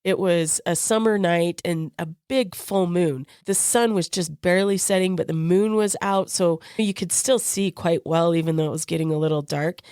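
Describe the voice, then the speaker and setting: Low-voiced woman telling a story. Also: moderate pace, hardly any pauses, clean tone, no room sound, clean studio sound. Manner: lively storyteller who acts out the quoted voices of others. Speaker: podcast co-host. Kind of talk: personal storytelling in casual chat.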